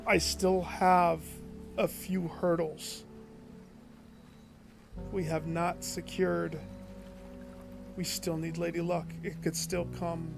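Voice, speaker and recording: Man, game streamer, high voice, unhurried, thinking aloud, faint music behind. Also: flat delivery, creaky. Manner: thinks out loud, talking to himself and his viewers. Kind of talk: gameplay commentary.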